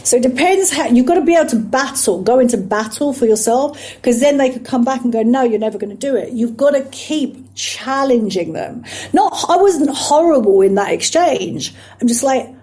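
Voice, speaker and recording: A middle-aged woman, a psychotherapist and life coach, talking earnestly and slowing down to stress her words. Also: sits high, lively intonation, mellow. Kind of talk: reflective coaching talk.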